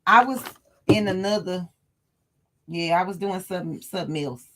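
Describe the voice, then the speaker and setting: A woman with a fairly low, slightly bright voice talks at normal speed. As a sewing tutorial host, she leads a casual livestream lesson, chatty and frequently laughing with her live chat.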